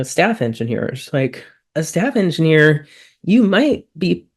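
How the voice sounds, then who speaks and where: A woman speaking on a webinar panel, impassioned and quick to get worked up, with frequent "um" fillers. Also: low voice, a little mellow.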